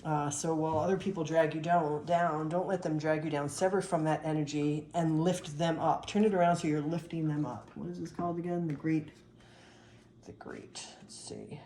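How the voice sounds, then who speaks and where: Chatty middle-aged lady reading spirit cards, low voice, echoey room. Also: flat delivery, a little fast, few pauses, dark tone, slight background noise. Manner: chatty, upbeat, storytelling. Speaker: tarot and oracle card reader. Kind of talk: casual spiritual card reading.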